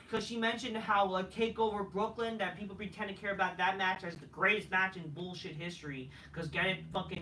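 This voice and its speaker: A man giving a profane, dismissive ranting review of a wrestling show, with halting restarts. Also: sits high, bright, forceful tone. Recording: roomy echo, distant mic, faint noise.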